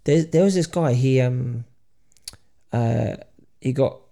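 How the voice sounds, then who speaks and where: A man's voice: mid-range voice, slow pace, vocal fry, warm tone. A man, chatting casually and acting out both sides of an anecdote. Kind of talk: casual chat.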